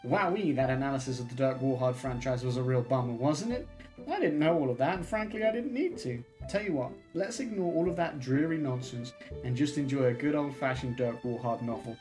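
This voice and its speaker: A man's voice: mid-range voice, animated, brisk, music in the background, natural voice. A man voicing a peppy book-club mail announcer in an exaggerated, cheery put-on accent. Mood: chirpy. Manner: chirpy, exaggerated salesman cheer.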